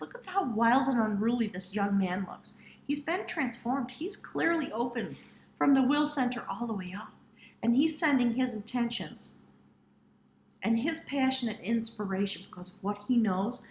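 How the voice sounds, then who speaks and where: A woman giving an intuitive tarot reading to camera, speaking earnestly and directly to the viewer, sometimes dropping into hushed, drawn-out phrases. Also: on the high side, expressive, roomy sound, slight background noise, poor audio. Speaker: tarot reader.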